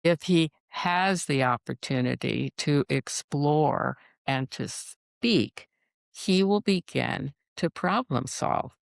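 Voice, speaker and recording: A middle-aged woman psychologist speaks as a podcast guest, taking her time over each thought. Her voice has a gravelly edge and an unhurried, measured pace. The recording is close and dry, with no room sound. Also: sits low, dry recording. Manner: calm, measured explaining. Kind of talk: podcast interview.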